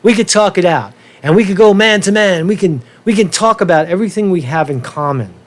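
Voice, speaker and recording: A man hosting a casual livestream rant, worked up and talking fast to his viewers, often repeating and restarting his words and swearing now and then. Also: high-pitched, lively intonation. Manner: asks viewers for feedback, profane. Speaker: livestream host.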